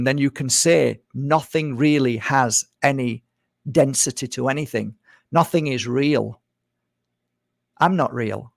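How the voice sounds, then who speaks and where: Gravelly-voiced man musing on spirituality. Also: mid-range voice, no room sound, studio quality. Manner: repetitive, conversational, mimics others in quick asides. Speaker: spiritual speaker. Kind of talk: reflective spiritual monologue.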